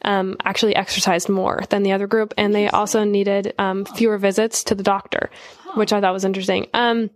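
A woman's voice: medium pitch, brisk, dry recording, clean studio sound. A young woman on a podcast, sharing research in a casual, hesitant way with lots of fillers. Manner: hesitant, many fillers, relaxed. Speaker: podcast guest. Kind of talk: casual informative talk.

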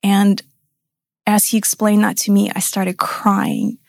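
A woman's voice: medium pitch, flat delivery, slow, gravelly, no room sound, clean studio sound. A woman in her thirties, a podcast guest, telling her personal story frankly and emphatically, sometimes swearing.

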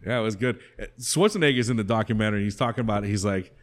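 Fast-talking young man telling stories. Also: on the low side. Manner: rambling, profane storytelling with acted quotes. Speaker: podcast co-host. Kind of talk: casual chat.

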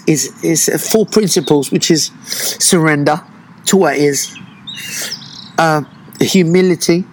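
A man with a fairly high voice speaks in a slow, reflective way, pausing often and leaning on fillers as he explains his teaching. He is a breathwork retreat teacher talking in an interview. A faint hiss of background noise sits under his voice. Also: rough recording.

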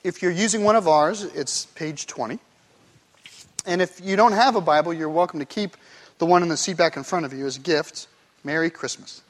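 A man's voice: on the high side, moderate pace. A man preaching a sermon as pastor, playful and demonstrative, acting out one phrase in many different tones of voice. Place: church sanctuary.

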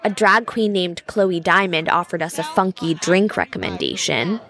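A woman's voice: on the low side, moderate pace, a crowd in the background. A woman narrating a podcast episode in a conversational, scripted storytelling style.

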